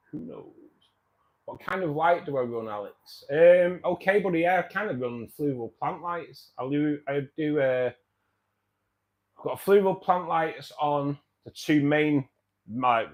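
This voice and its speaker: A man hosting a casual livestream, chatting with viewers in a rambling way, repeating himself and calling people mate. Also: mid-range voice. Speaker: livestream host.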